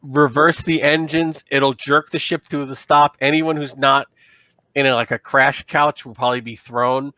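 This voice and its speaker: Brief: male game master, bright and dry close-mic sound, loose rambling narration. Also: mid-range voice, steady tone, normal speed, dry recording. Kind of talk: narrating a tabletop role-playing game.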